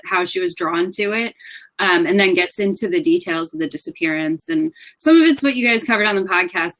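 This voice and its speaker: A woman's voice: lowish voice, gravelly, a bit bright, low-quality recording. A woman guest on a podcast, explaining a blog post in a friendly, chatty way. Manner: friendly, explanatory, filler-prone. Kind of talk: casual podcast chat.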